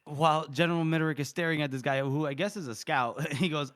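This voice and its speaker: A man's voice: a little high, fast talker, few pauses. A man co-hosting a podcast, casually retelling scenes and acting out characters. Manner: animated, laughing, acts out characters. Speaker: podcast co-host.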